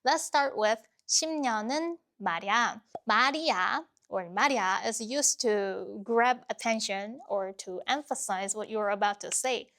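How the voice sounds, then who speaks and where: A woman teaching Korean, explaining grammar and idioms clearly and patiently in a lesson-style narration. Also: on the high side, a little fast, hardly any pauses, a bit bright.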